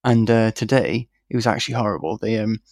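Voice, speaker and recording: A man's voice: lowish voice, brisk, darkish tone, dry recording. A man hosting a casual podcast chat, joking and self-deprecating, with a slight lisp from new braces. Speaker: podcast host.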